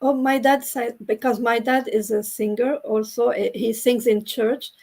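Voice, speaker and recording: A woman from the Middle East, not a native English speaker, slowly and earnestly telling a personal story as a co-host in a casual chat over a video call. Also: a little high, fairly even intonation, vocal fry, warm tone, low-quality recording.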